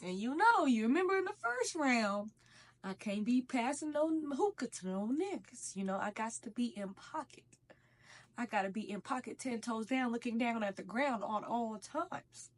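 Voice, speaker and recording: A woman's voice: a little high, expressive, normal speed. A young woman telling a casual storytime while eating, in a slangy, profane, conversational way. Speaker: vlogger.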